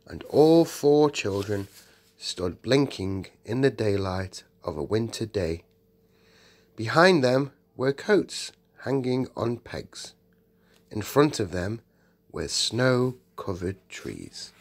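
A man narrating a children's audiobook in a measured storytelling manner. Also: lowish voice. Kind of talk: audiobook reading.

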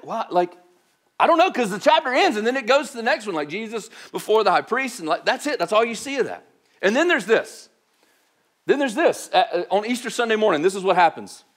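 A male pastor giving a casual, joking sermon that is full of fillers like "like". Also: high-pitched. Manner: animated, joking, heavy use of "like".

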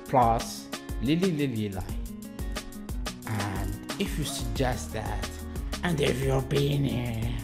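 A man from Algeria hosting a reaction video, talking excitedly in broken English with many exclamations. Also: medium pitch, slow pace, vocal fry, over loud music.

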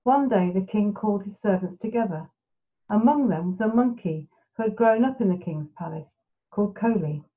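A woman reading a bedtime storybook aloud in a soft, steady way. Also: medium pitch, normal speed. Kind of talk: gentle storybook narration. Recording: tinny phone-like sound.

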